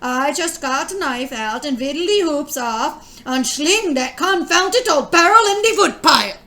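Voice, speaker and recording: A woman's voice: high-pitched, expressive, a little slow, pushed and bright, heavily acted. A woman reading aloud as a bumbling old immigrant farmer who tells a comic tale in broken dialect English. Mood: telling a tale.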